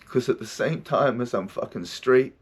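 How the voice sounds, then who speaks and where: A man's voice: medium pitch, normal speed, husky. A middle-aged man from New Zealand, a counselor hosting his own podcast, talking in a raw, emotional, heavily swearing way. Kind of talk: confessional solo podcast talk.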